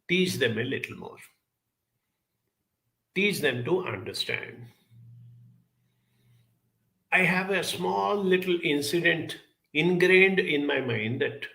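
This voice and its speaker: A man with a gravelly, bright voice talks earnestly as a program guest. He tells a childhood story and poses rhetorical questions in a reflective way. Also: fairly high pitch. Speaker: guest speaker.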